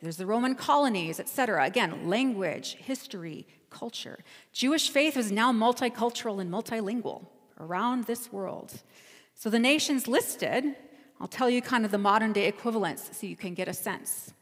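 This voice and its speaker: A woman's voice: on the high side, lively intonation, moderate pace. Woman pastor preaching in a reverberant hall. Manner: storytelling, conversational, self-correcting. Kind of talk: sermon with personal story.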